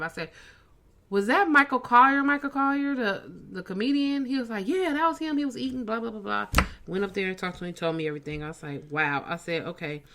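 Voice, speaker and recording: A woman's voice: mid-range voice, fairly bright tone. A woman comedian and podcast host telling a story in casual chat, acting out the dialogue she quotes.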